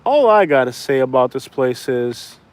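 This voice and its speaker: A man's voice: mid-range voice, big pitch swings, normal speed. A man from Miami chatting casually and jokingly to his viewers, rambling from one thought to the next. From Miami, Florida. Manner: loose, joking, addresses viewers as y'all. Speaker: vlogger. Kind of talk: casual rambling chat to camera.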